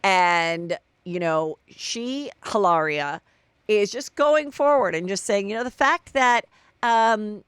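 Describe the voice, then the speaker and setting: A woman's voice: mid-range voice, expressive, slow pace, fairly bright tone, smooth, no echo. A woman hosting a solo celebrity gossip podcast, chatty and gossipy, acting out what people said. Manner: chatty, gossipy, acts out quotes. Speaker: podcast host.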